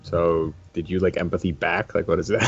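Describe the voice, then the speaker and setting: A man's voice: low-pitched, steady tone, measured pace, lo-fi sound, faint music behind. A man playing in a tabletop role-play session, chatting casually and rambling with frequent laughs. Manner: laughs often, joking and rambling. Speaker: tabletop game player.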